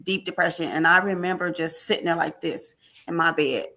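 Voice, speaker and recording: A woman guest in an interview, telling an emotional personal testimony with animated storytelling and acted-out dialogue. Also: lowish voice, fairly quick, vocal fry. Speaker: podcast guest.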